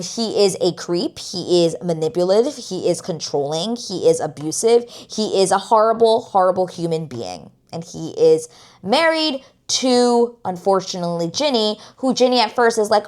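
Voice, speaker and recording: A woman giving a casual, outspoken review of a TV series on her vlog, talking emphatically with lots of "like" and the odd swear word. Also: mid-range voice.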